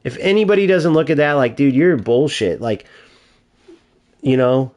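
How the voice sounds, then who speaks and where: A man's voice: medium pitch, expressive, normal speed, darkish tone. A man streaming a video game, ranting in casual, profane commentary.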